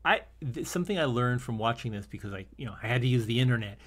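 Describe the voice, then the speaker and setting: A man's voice: mid-range voice, lively intonation, quick pace, fairly bright tone. A man co-hosting a casual discussion, rambling with many restarts and laughing easily. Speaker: podcast co-host. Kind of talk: casual discussion of an old TV episode.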